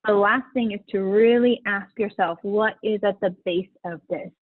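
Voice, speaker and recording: A woman's voice: mid-range voice, moderate pace, dry recording. A middle-aged woman hosting a live coaching session, chatty and encouraging, laughing often as she talks to her group. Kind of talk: casual live-stream coaching talk. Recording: husky voice over a tinny phone-like line.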